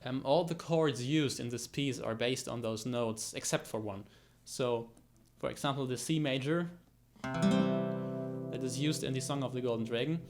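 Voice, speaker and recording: A man walks through a guitar lesson, stopping and restarting as he explains scales and rhythms. His voice sits in an ordinary middle range. Loud guitar playing rings under his talk. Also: medium pitch, unhurried. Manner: explains with many fillers and restarts, counts beats aloud. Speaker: guitar teacher. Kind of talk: guitar tutorial.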